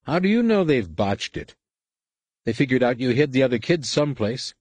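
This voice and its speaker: A man voicing a nervous, talkative young male pilot held captive, speaking in an eager, hurried way. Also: medium pitch, big pitch swings, darkish tone, slightly rough, dry recording, voice pushed up.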